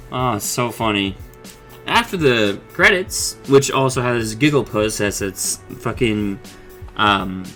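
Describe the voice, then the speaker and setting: Bright-voiced man rambling through a recap. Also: lowish voice. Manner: rambling, profane, quick retelling with acted quotes. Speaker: show recap vlogger. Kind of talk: casual episode recap.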